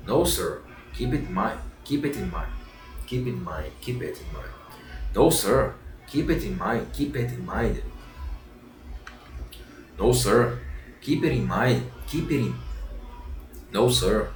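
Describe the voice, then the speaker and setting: A man's voice: on the low side, expressive, slow pace, pauses often. A man voicing a kind but stern fairy who acts as a mother, solemnly repeating her lessons in a storybook reading. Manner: solemn, repeats lines over. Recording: roomy echo, distant mic, faint music.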